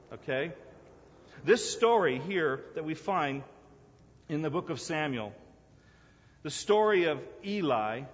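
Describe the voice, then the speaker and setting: Emphatic preacher in an echoing church. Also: male voice, a little high. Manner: emphatic, repeats key phrases, rising and dropping dramatically. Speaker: pastor. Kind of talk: sermon. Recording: echoey church hall, dull lo-fi sound.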